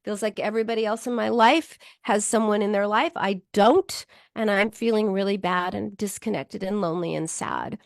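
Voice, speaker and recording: A middle-aged woman gives self-help advice in an animated, chatty way, her voice leaping up and down as she acts out harsh inner voices. It sounds dry and close, with no room echo. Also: medium pitch, moderate pace, vocal fry, hardly any pauses. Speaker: psychologist and show host. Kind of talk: self-help talk to viewers.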